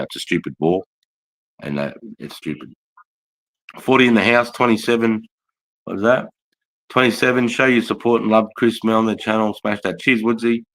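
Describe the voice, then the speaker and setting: A man with a slightly low voice and an Australian accent rambles through casual live commentary. He talks bluntly and swears freely, addressing chat as he goes. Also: bright, forceful tone, low-quality recording. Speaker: livestream host, veteran.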